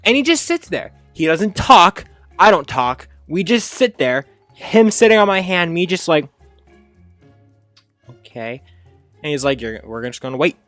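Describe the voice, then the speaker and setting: A man casually telling a funny childhood story, rambling with fillers and self-corrections and jumping up high when he acts out his younger self. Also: sing-song, normal speed, a bit bright, no room sound, faint music behind. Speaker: storyteller host.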